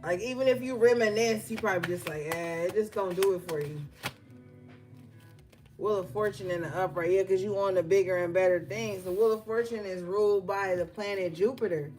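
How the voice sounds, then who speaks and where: A woman's voice: medium pitch, fairly quick, few pauses, a little mellow, soft background music. A woman doing a casual tarot reading, blunt and profane, telling stories between the cards she draws. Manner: blunt, profane, conversational with slang. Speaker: tarot reader.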